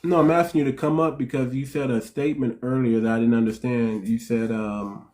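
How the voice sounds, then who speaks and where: A man's voice: medium pitch, a little fast, hardly any pauses, a little mellow. Blunt, direct man hosting a livestream. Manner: direct, repetitive, restarts sentences. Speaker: relationship coach and livestream host. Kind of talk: casual livestream talk.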